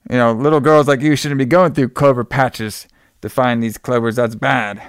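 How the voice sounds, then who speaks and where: A man's voice: medium pitch, steady tone, moderate pace, clear, resonant tone, dry recording, clean studio sound, close to an everyday voice. A man voicing a greedy male leprechaun villain while retelling a horror movie. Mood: scolding.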